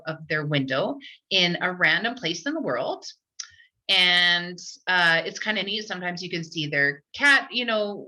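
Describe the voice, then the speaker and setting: A woman's voice: on the low side, sharp tone. A woman presenting a live online tech workshop for teachers, chatty, with lots of fillers and restarts. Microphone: computer mic on a video call. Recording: dull lo-fi online call audio.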